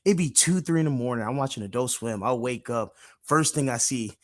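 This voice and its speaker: A man co-hosting a casual movie review chat, excitable, slangy and profane. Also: medium pitch, fairly quick, dry recording, studio quality. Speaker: podcast co-host.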